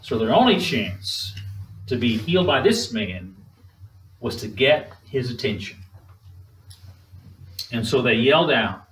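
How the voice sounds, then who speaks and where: A man preaching a sermon in a measured, emphatic way, drawing spoken responses from the congregation. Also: medium pitch, animated, a bit bright. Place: church sanctuary. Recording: echoey room, distant mic.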